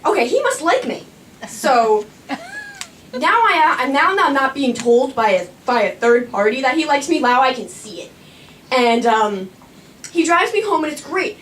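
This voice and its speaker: A woman's voice: sits high, animated, unhurried, a bit bright, a little hiss or hum. A young woman telling a true personal story on stage in a chatty, self-mocking way. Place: small performing arts studio stage. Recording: echoey room from far off.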